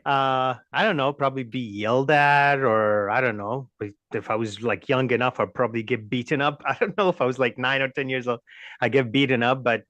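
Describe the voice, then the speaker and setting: A man's voice: medium pitch, steady tone, brisk, fairly bright tone, dry recording, dull audio. Hesitant man, dry close sound. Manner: hesitant, laughs nervously. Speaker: coaching guest. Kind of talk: personal conversation.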